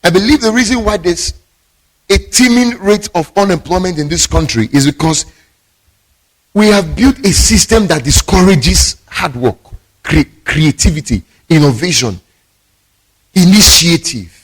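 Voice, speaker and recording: A man's voice: high-pitched, expressive, measured pace, husky. A male pastor, preaching emphatically and telling stories in a sermon.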